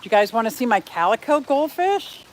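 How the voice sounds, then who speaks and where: With a fairly high voice that swings widely in pitch, a woman talks fairly quickly over slight background noise. She hosts a fish keeping channel, giving a chatty, giggly home tour vlog about her fish and pets as she walks the house and yard, addressing both animals and viewers.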